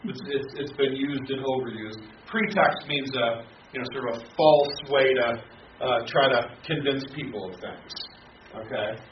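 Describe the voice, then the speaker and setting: A man teaching a Bible study class, pausing often with repeated words and fillers. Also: medium pitch. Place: classroom or church hall. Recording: roomy, distant, dull, noisy room recording.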